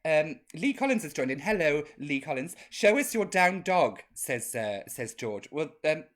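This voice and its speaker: A man plays a cheeky, camp drag grandmother hosting a live-streamed chat show, reading out viewer comments in a chatty, naughty way. His voice is a little high and fairly bright, unhurried, with big pitch swings.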